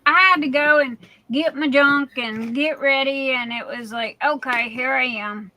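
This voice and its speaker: Folksy high-voiced woman. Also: steady tone, a little slow, sharp tone. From Louisiana, USA. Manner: chatty and folksy, playful greetings, trailing fillers. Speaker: livestream host. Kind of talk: casual live-stream chat, greeting viewers by name.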